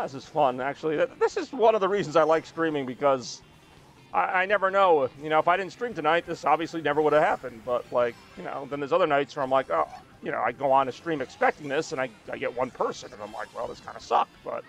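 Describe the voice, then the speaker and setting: A man's voice: on the high side, expressive, quick pace, faint music behind. A young man streaming a racing game, chatting loosely, joking and reacting to comments from his chat. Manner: rambling, jokey, reacting to chat.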